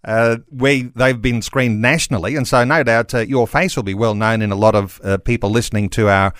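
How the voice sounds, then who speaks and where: A man's voice: mid-range voice, steady tone, a little fast, a bit bright, dry recording. Male radio host, dry studio sound. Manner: rambling questions with many uh fillers. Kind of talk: radio interview.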